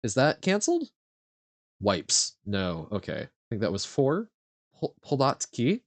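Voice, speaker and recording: A man streaming a live quiz, thinking aloud and haltingly sounding out foreign words as he guesses. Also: medium pitch, no echo.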